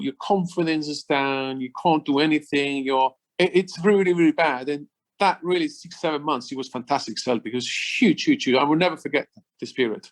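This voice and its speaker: With a slightly high voice, an enthusiastic Swiss former footballer talks as a guest in a casual interview chat. He repeats words and his phrasing is non-native.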